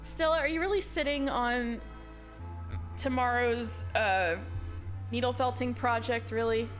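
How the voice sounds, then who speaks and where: Young female streamer with a higher voice, dramatic game narration with salty commentary, faint music bed. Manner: reads dialogue slowly and dramatically, swears and laughs in asides. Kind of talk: reading a visual novel game aloud with commentary.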